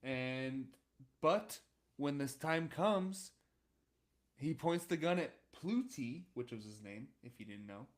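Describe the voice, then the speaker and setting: A young man co-hosting a podcast, recapping episode plots in a relaxed, casual way with frequent fillers. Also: mid-range voice, takes it slowly. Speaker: podcast co-host. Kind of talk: casual chat.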